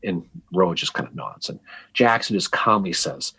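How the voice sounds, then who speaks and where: A man's voice: low-pitched, normal speed, vocal fry, sharp tone. A man co-hosting a casual history podcast, telling the story with jokes, asides and restarts. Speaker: podcast co-host.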